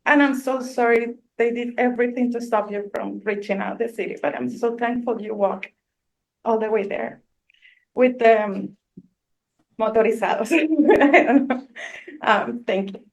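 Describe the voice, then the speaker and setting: A woman's voice: a little high, steady tone, moderate pace, vocal fry, rough recording. A woman from Venezuela, a law student in the audience, thanking the speaker emotionally with nervous laughs.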